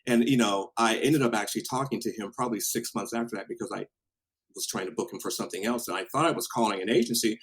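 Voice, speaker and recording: Husky-voiced man telling a story. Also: lowish voice, fast talker, low-quality recording. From Washington State, USA. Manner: animated, laughing, swears freely. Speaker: podcast guest, DJ. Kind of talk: casual storytelling.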